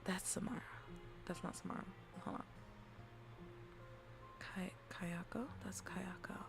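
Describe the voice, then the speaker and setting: A woman streamer in a soft-voiced ASMR chat, rambling and giggling and sliding into hushed whispers. Her voice has a gravelly, creaky edge, with faint music playing behind her. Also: fairly low pitch, steady tone, unhurried.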